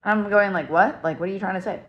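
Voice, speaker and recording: A young woman telling her own ghost-investigation story to camera in a casual, excited way, filling her talk with "like" and "okay?". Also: medium pitch, quick pace, dull audio. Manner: excited, chatty, many fillers and "okay?" checks.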